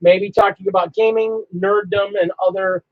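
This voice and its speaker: A man's voice: sits high, steady tone, moderate pace, no echo. A man co-hosting a casual fan chat, easygoing and blunt with his opinions. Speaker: podcast co-host. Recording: dry, slightly muffled lo-fi audio.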